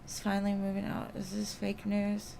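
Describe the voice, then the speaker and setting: Woman, mid-pitched, casual tarot reader on a live stream, chatty and reassuring, faint noise behind. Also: completely flat delivery, normal speed, gravelly. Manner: reassuring, chatty, many fillers like "like".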